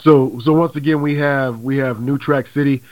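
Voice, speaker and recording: A man hosting a radio interview show, talking in a quick, upbeat way and repeating catchphrases. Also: mid-range voice, steady tone, no room sound, dull audio.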